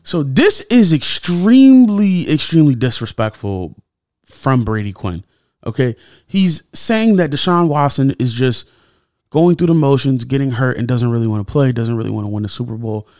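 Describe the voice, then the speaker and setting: A young man hosting a solo podcast, talking casually and with animated indignation, his voice jumping up when he gets heated. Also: medium pitch, moderate pace, no room sound, clean studio sound. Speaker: podcast host.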